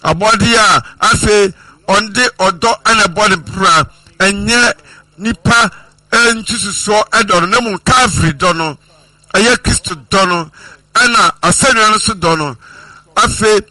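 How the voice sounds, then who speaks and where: A man preaching a sermon in measured phrases, citing scripture and repeating refrains. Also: high voice, bright, forceful tone, no room sound, rough recording.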